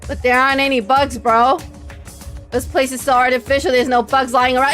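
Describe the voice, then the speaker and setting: A woman streams a visual novel, reading the lines aloud in a high voice and chatting dramatically with her viewers. Her delivery is animated, and faint game music plays behind her. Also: brisk.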